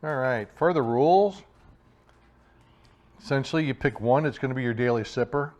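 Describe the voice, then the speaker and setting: A man co-hosting a casual whiskey podcast, explaining things in a plain, relaxed way. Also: medium pitch, normal speed. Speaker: podcast co-host. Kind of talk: casual chat.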